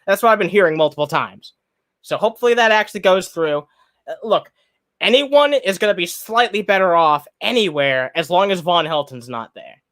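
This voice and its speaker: A man's voice: high-pitched, expressive, moderate pace, a bit bright. A man streaming live, giving blunt, profane commentary on a video and greeting viewers in the chat, sometimes talking with his mouth full. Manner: talks while eating.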